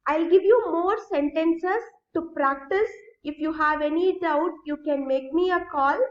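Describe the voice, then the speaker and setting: A woman teacher giving a recorded grammar lesson. She goes slowly, step by step, and often checks that students follow. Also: very high voice. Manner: slow, explains step by step, checks understanding. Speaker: school English teacher. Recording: echoey room, dull lo-fi sound.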